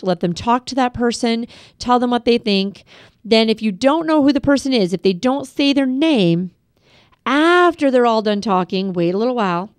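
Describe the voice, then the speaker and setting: A middle-aged woman giving a parenting class over a webcast, calm and practical, speaking straight to parents with advice. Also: on the high side, no room sound. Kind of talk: instructional webcast talk.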